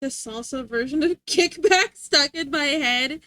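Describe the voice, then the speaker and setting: A woman's voice: high voice, measured pace, pushed and bright, no room sound. A woman streaming live and chatting casually with her chat, playful and teasing, laughing often.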